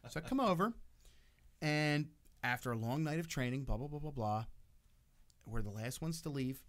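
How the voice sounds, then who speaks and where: A man telling a story on a podcast in a casual, profane, animated way. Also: medium pitch, a little fast, long pauses. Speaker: podcast co-host.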